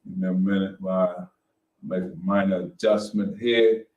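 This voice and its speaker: A man's voice: deep voice, fairly even intonation, moderate pace, recorded from a distance, muffled recording. A man who works as a recovery coach, hosting a casual online support-group session and reading an article aloud. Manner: muttering to himself while fixing tech, then greeting warmly and reading aloud. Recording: echoey room, voice off-mic.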